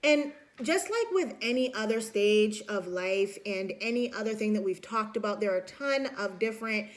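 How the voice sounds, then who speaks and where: A woman's voice: mid-range voice, expressive, moderate pace. A woman giving a casual recorded lecture, chatty, acting out everyday examples with lots of fillers and restarts.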